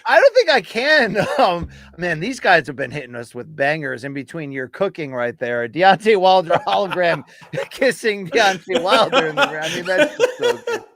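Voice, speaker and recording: A man's voice: high-pitched, very animated, normal speed, a crowd in the background. A man co-hosting a boxing podcast, bantering playfully and laughing often in casual chat. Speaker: podcast co-host.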